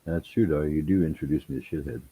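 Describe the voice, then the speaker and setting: A man's voice: very deep voice, fast talker, dark tone, slightly rough. A man chatting on a livestream, telling stories full of swearing and teasing with a laugh. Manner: profane, laughing, teasing storyteller. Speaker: guest on a livestream. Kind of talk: casual chat.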